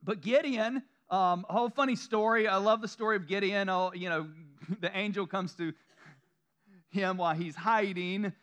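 A man's voice: high-pitched, moderate pace, a bit bright. A man from the American South with a Southern accent, preaching a conversational sermon to a congregation, chuckling often and making self-deprecating asides. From Southern United States. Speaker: pastor. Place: church room before a congregation.

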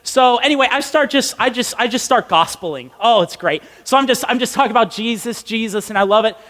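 A young man in his twenties preaching in a casual storytelling style, animated, emphatic and self-mocking. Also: very high-pitched, fairly quick. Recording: long echoey hall reverb.

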